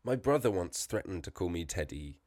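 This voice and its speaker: A man's voice: low-pitched, expressive, a little fast, a little mellow, no echo. A young adult man co-hosting a podcast in casual chat, joking and laughing often. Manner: playful, jokey, laughs often. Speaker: podcast co-host.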